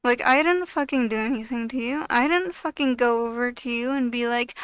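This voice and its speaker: Woman, high-pitched, smooth clear voice, exasperated profane rant, dry close sound. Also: moderate pace, few pauses, no echo. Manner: blunt, heavily profane, exasperated ranting; loose, filler-heavy delivery with frequent "like". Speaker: video creator. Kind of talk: ranting vlog monologue.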